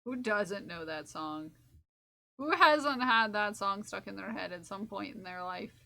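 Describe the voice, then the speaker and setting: A woman's voice: mid-range voice, a little slow, creaky, sharp tone. A woman streamer chatting casually while crocheting, repeating her own phrases to herself as she works.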